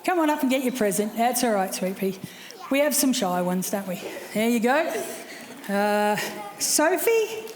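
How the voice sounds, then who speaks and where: A woman's voice: fairly high pitch, animated, unhurried, a little mellow. A woman leading a children's program in a church, speaking in a casual, chatty way and coaxing the kids by name. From Australia. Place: large church hall. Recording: echoey church hall, faint music.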